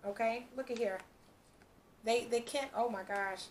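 A woman's voice: fairly high pitch, unhurried, slight background noise. A woman doing a casual tarot reading, chatty, breaking into frequent laughs. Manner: chatty, laughs often, quotes imagined speech. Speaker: tarot reader.

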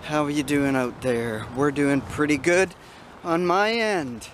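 A man's voice: a little high, measured pace. An older man rambling casually as he vlogs with a handheld camera outdoors in a city. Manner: rambling, chatty, sidetracked. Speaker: vlogger. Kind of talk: casual vlog narration. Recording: noisy outdoor camera audio.

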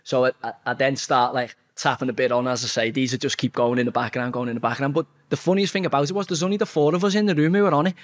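A man's voice: mid-range voice, fast talker, few pauses. A man in his forties with a Scouse accent, telling a rambling anecdote in casual chat, swearing constantly and restarting his sentences. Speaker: guest. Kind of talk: casual storytelling.

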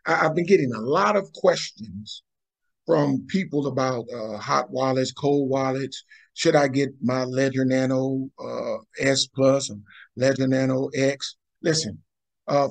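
A man's voice: medium pitch, creaky. A male channel host giving casual faith-based commentary in an exclamatory, enthusiastic way.

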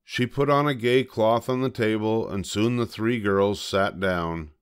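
An older man reads a children's storybook aloud in a gentle, measured way. His voice sits a little low for a man, calm and steady. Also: clean tone.

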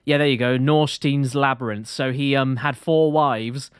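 A man's voice: mid-range voice, steady tone, a little slow, clean tone, dry recording. A man streaming a video game live, chatting loosely and rambling as he reads his chat aloud. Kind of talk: casual live-stream commentary.

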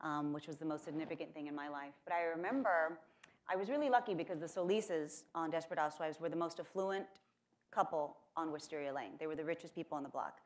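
Low-voiced woman telling stories at a keynote. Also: fast talker. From Corpus Christi, Texas. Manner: chatty and self-mocking, with many fillers. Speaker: keynote speaker. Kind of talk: storytelling keynote speech. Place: lecture hall at a conference.

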